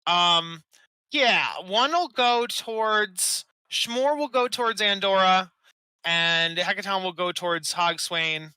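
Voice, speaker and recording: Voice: mid-range voice, slow pace, sharp tone, clean tone, no echo, rough recording. A game master running a tabletop game, hesitant and full of ums, often laughing.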